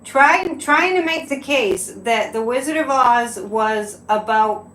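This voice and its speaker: A woman's voice: a little high, takes it slowly, fairly bright tone, a little hiss or hum. A woman hosting a psychic live stream, talking casually with frequent laughs and incredulous asides. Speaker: psychic livestream host. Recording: echoey room with faint ambience.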